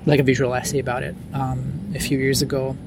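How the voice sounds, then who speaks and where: A man's voice: mid-range voice, monotone, fast talker, gravelly, background noise. A man as a podcast guest, talking casually with lots of fillers and restarts, recorded outdoors on a lawn at night. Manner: rambling, many fillers and restarts. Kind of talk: casual interview chat.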